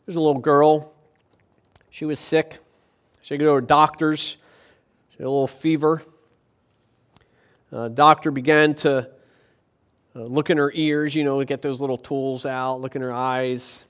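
A man's voice: a little high, little pitch movement, measured pace, long pauses, smooth. A man preaching a sermon as pastor, reading scripture and telling anecdotes with light humor, asking the congregation rhetorical questions.

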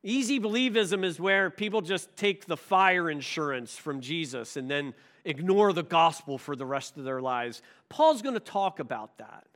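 Male pastor, sermon delivery, bright and lively, emphatic rhetorical style. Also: fairly high pitch, moderate pace, few pauses. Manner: emphatic preaching, rhetorical questions.

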